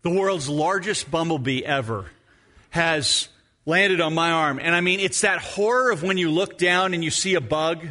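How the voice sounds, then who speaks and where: A middle-aged male pastor preaching a sermon, telling a childhood story in an animated way and acting out the moments. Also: fairly high pitch, moderate pace. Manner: animated storytelling, acts out his own screams.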